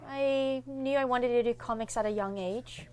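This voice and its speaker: Her voice on the high side and her pace moderate, a young comic artist chats casually as an interview guest. She's a lively storyteller who acts out the dialogue of the people she describes.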